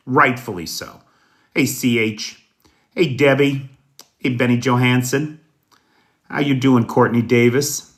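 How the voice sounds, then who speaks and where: Slow-talking American man hosting a late-night stream. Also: mid-range voice, a bit bright. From United States. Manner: greets viewers by name, folksy and unhurried. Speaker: livestream news host. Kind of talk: casual livestream news chat. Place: indoors at night.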